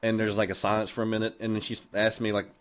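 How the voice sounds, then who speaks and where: A man casually telling a story on a podcast, animated and full of cursing. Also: lowish voice, fast talker. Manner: profane, animated, heavy cursing. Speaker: podcast host.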